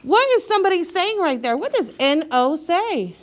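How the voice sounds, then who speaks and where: A woman teacher leading a young child through a reading lesson, slow and clear, sounding out letters and encouraging. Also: very high voice, very animated.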